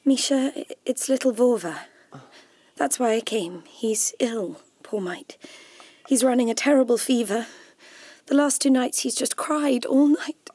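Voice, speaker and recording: A woman's voice: high-pitched, moderate pace, warm tone, dry recording. An actress in a radio drama playing a devoted young wife and mother, anxious and reproachful. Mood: worried.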